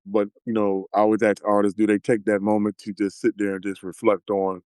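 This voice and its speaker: A man's voice: fairly low pitch, completely flat delivery, brisk, a little mellow, clear, resonant tone, no room sound. A man hosting a music podcast, asking loose, rambling questions full of fillers. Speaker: podcast host. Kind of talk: casual interview questions.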